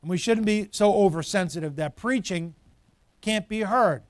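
Pastor guy preaching hard, pretty high voice, dry close sound, gets loud then drops to asides. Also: moderate pace, no room sound. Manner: forceful preaching, rising to near-shouting and dropping to asides. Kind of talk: sermon.

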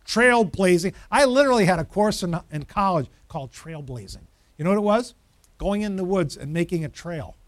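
A man's voice: high-pitched, fairly bright tone, no echo. A man preaching an interactive sermon in church, asking the congregation questions and building to emphatic repetition. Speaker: pastor.

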